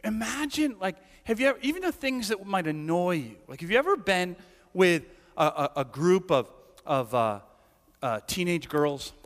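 A man's voice: sits high, very animated, moderate pace, big-room sound. A man preaching a sermon as pastor, talking conversationally and animatedly with many rhetorical questions, in a church sanctuary.

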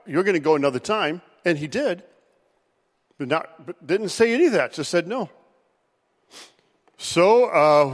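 A man preaching a sermon in an animated way, now and then acting out Bible figures' voices. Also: a little high. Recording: long hall reverb.

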